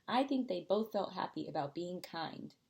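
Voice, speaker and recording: A woman's voice: fairly low pitch, animated, moderate pace, creaky, darkish tone. A woman voicing an eager, thoughtful little girl in a storybook reading, with an earnest way of talking.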